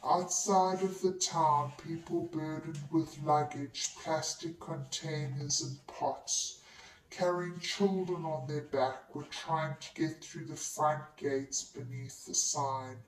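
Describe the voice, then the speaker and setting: Slow, echoey audiobook narration. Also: medium pitch, steady tone, a little hiss or hum. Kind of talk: first-person audiobook narration. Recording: roomy echo, distant mic.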